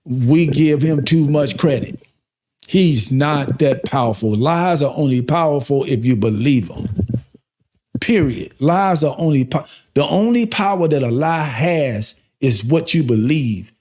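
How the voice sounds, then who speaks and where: A man's voice: on the high side, a little slow, a little mellow, slight background noise. A man hosting a podcast as a life coach, giving a faith-based motivational talk with emphatic, repeated rhetorical questions.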